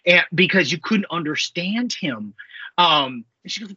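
A man co-hosting a podcast, chatting excitably and profanely about a movie. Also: a little high, moderate pace, slightly rough, no room sound, dull audio. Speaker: podcast co-host. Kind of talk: casual movie chat.

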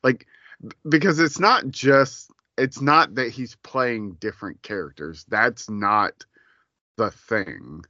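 A man co-hosting a casual pop-culture podcast, speaking slowly and emphatically and swearing now and then. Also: medium pitch, sharp tone, dry recording. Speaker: podcast co-host. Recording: slightly dull lo-fi sound.

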